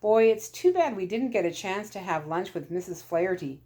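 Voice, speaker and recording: A woman's voice: medium pitch, expressive, moderate pace, dark tone, natural voice. A woman voicing an eager young boy who talks chattily. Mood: concerned.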